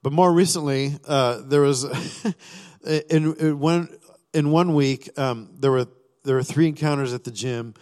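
A man's voice: mid-range voice, a little slow, a little mellow. A man sharing a personal testimony during a sermon, rambling with many fillers and restarts, and acting out his own thoughts and prayers. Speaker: church speaker sharing a testimony. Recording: long reverb of a large hall.

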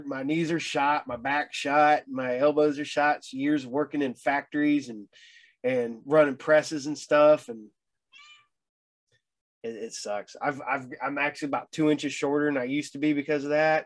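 Halting middle-aged man with a higher voice. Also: fairly even intonation. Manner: halting, repeats words, wry. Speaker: guest. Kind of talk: casual chat.

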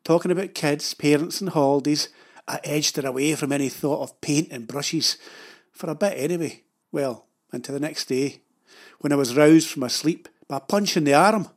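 A man's voice: a little high, moderate pace. Wry Scottish man telling a story. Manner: dry, wry, self-mocking. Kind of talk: humorous storytelling narration.

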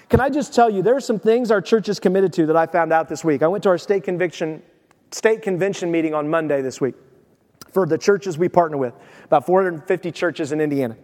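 A high-pitched man preaches to his congregation in a relaxed, conversational way, moving between scripture and everyday stories and often putting questions straight to his listeners. His voice rings out with a long reverb, as if carried through a church sanctuary. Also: fairly quick. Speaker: pastor. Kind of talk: sermon.

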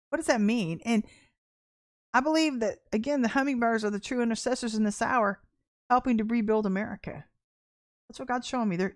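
A woman minister giving a casual prophetic sermon, emphatic and repeating her key phrases, often clearing her throat. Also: medium pitch.

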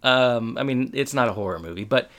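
A man's voice: medium pitch, brisk, fairly bright tone. A man co-hosting a podcast in casual chat, recapping a TV episode with joking, teasing asides. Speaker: podcast co-host.

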